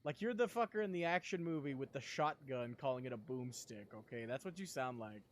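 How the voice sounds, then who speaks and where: Rambling and excitable yet sleepy-sounding, a young man chats casually on a live stream and laughs a lot. He has a mid-range voice and talks a little fast.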